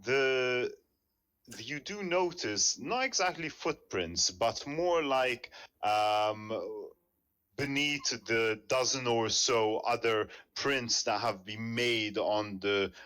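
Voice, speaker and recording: A man running a tabletop game as game master on a live stream, relaxed and hesitant, with many ums. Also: medium pitch, takes it slowly, clear, resonant tone.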